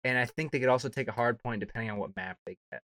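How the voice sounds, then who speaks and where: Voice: medium pitch, rapid-fire, a bit bright, dry recording, clean studio sound. A podcast co-host giving match predictions in casual chat.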